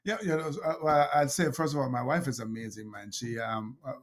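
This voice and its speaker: A middle-aged man with a Jamaican accent, a motivational speaker telling lively stories as an interview guest and acting out quoted lines. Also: mid-range voice, brisk. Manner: animated storyteller, laughs often, acts out quotes. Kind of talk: interview storytelling.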